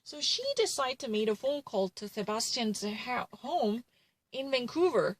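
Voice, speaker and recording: A woman's voice: a little high, lively intonation, unhurried, low-quality recording. A woman retelling a true crime case in casual commentary, rambling and full of fillers and self-corrections.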